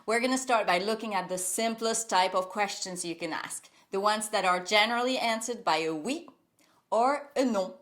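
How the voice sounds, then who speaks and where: Woman, French accent, native French speaker, language teacher, clear, upbeat, playful. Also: mid-range voice, normal speed, a bit bright. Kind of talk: language lesson.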